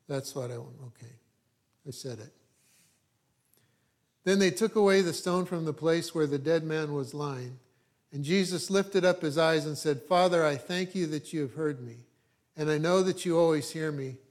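Guy reading bible passages in a sermon, kinda high voice, gets loud on the quotes then goes soft n chatty. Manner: reads scripture with rising emphasis, drops to quiet asides. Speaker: preacher. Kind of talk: scripture reading with commentary.

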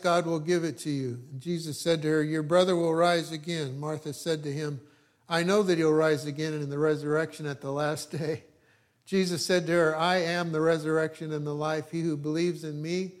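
A man preaching, reading scripture aloud with emphasis and breaking off into quiet, conversational asides. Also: fairly high pitch, fairly even intonation, moderate pace.

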